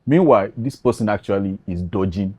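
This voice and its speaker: A man with a Nigerian English accent on a casual panel chat, telling stories in a lively way. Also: lowish voice, fairly quick, husky. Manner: lively storyteller, frequent agreement sounds. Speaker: panel guest, creative.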